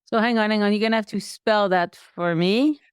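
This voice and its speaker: A woman's voice: medium pitch, a little fast, clean tone, dry recording. Woman hosting a chat, friendly, hunts for words now and then, dry sound. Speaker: podcast host. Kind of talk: conversational interview.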